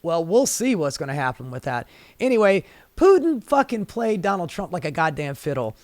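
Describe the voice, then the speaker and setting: Sarcastic high-voiced male commentator. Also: very animated, normal speed, dry recording. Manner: sarcastic, profane. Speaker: political commentator. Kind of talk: commentary video.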